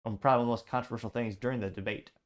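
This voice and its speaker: A man hosts a casual commentary show at a medium pitch. He reads viewer comments aloud and riffs on them with a dry, sarcastic edge, in a loose, conversational way. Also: fairly even intonation, rapid-fire. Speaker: show host.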